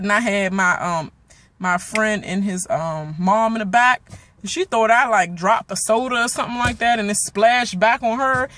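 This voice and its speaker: A man, giving a profane, animated recap of a reality show episode while still angry. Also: high-pitched, moderate pace, no echo. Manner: animated, swearing, trails off into asides. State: angry and worked up. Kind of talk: casual profane recap rant.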